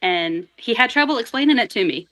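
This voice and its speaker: Bright-voiced woman guest telling family stories. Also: fairly high pitch, fairly quick. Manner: animated, laughs often while telling stories. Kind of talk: casual storytelling.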